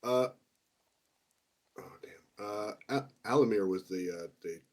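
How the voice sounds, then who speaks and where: A man playing a tabletop game, speaking in a halting, unsure way that trails off. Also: on the low side. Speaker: player. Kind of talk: casual chat while playing a tabletop game.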